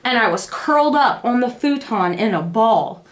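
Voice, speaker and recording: A young woman casually telling her family the story of a birth, acting out the quoted lines. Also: moderate pace. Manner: animated, acts out the quoted lines in a high voice. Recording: echoey room.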